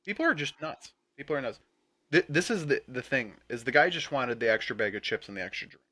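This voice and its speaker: A man chimes in on a casual podcast with disbelief, turning things over out loud. His voice is mid-pitched and bright. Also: expressive, fast. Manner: incredulous, reacting and musing aloud. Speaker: podcast co-host. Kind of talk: casual chat.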